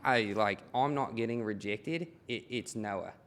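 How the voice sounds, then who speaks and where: A man's voice: fairly low pitch, measured pace, background noise. A young man from Maryland chatting casually as a podcast guest, swearing and laughing as he tells stories. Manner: swearing, laughing, animated storyteller. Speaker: guest, tailor.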